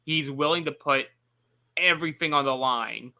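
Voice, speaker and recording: A man's voice: on the high side, normal speed, pushed and bright. A man co-hosting a casual recap show, rambling with lots of filler words. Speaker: after-show co-host.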